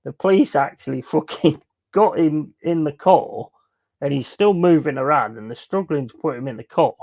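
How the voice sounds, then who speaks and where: A man's voice: fairly high pitch, moderate pace, a little mellow, no echo. A man telling crude, blunt stories in a casual chat while streaming a game. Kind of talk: casual sweary storytelling while gaming.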